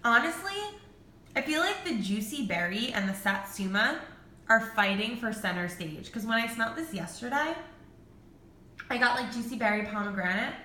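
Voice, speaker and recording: A bright, sharp-toned young woman in her twenties gushes through a casual haul video, excitable and full of "like". Her voice rings in an echoey room. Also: on the high side, normal speed, a little hiss or hum. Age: 20s. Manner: gushing, excitable, peppered with "like" and swearing. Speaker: vlogger.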